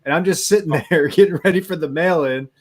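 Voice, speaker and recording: Higher-voiced man ribbing his co-hosts. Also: fast. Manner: joking, ribbing the others. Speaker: co-host. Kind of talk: casual banter between friends.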